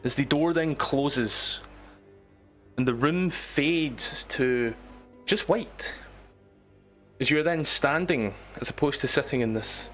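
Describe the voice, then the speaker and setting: A man running a tabletop game as game master, narrating in a relaxed, descriptive way. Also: mid-range voice, slow pace, pauses often, faint music behind.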